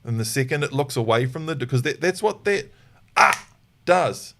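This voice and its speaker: A man, a dog trainer answering listener questions in a live podcast Q&A and acting out sharp commands to a dog. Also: medium pitch, expressive, moderate pace, a little hiss or hum. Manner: demonstrates sharp corrective commands.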